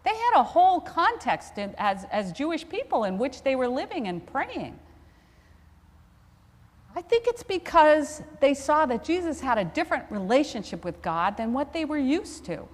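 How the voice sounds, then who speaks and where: A woman's voice: high voice, sing-song, normal speed. Woman, priest, sermon, chatty and self-mocking, echoing church reverb. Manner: conversational, self-deprecating humor. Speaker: Episcopal priest. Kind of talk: sermon with personal storytelling.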